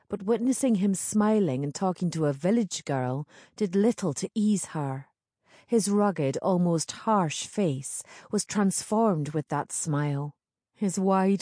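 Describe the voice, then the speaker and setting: A woman reads a historical romance aloud in a steady, measured way. Her pace is unhurried and her tone mellow and soft-edged. The recording is close and dry, with no room sound. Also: fairly low pitch, no room sound. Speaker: audiobook narrator. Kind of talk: scripted narration.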